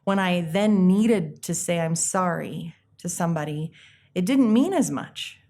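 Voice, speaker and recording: A woman life coach giving an earnest, reflective self-help talk, pausing often and acting out little quotes. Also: fairly low pitch, lively intonation, dark tone. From United States.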